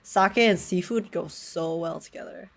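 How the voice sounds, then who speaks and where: A woman's voice: on the low side, unhurried, vocal fry. A young woman from Canada chatting and laughing often while live-streaming a game. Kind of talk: live gameplay chat.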